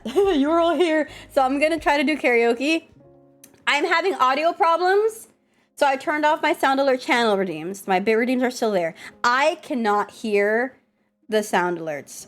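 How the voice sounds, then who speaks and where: A woman streamer with a cold, chatting casually and excitably with her chat, swearing and scolding them playfully. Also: fairly high pitch. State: has a cold, coughing.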